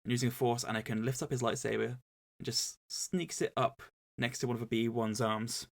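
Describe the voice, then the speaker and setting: A man's voice: medium pitch, fairly even intonation, moderate pace, gravelly. Chatty man retelling a story. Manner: rambling, chatty retelling with many fillers and restarts. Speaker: podcast co-host. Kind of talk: casual book club chat, retelling a plot.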